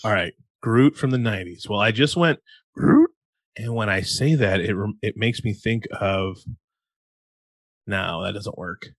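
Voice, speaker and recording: A man's voice: lowish voice, moderate pace, a bit bright, no echo, studio quality. A man hosting a casual podcast, telling rambling, self-mocking stories. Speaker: podcast host. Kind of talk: casual chat.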